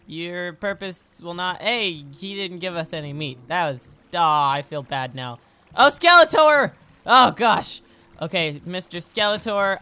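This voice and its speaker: A young adult let's play host giving goofy, excitable commentary over gameplay, often breaking into squeals. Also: mid-range voice.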